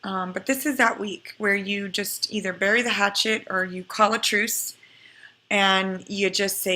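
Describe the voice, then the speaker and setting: A woman's voice: medium pitch, steady tone, a little slow, sharp tone. A middle-aged woman giving a casual, earnest weekly spiritual forecast, talking in a chatty, heartfelt way. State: fighting back tears.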